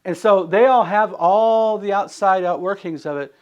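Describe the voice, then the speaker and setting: A man's voice: sits high, moderate pace, clean tone, highs cut off. A man giving a casual sermon, asking his listeners questions and acting out the people in the story. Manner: animated, asks rhetorical questions, acts out quotes. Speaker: preacher.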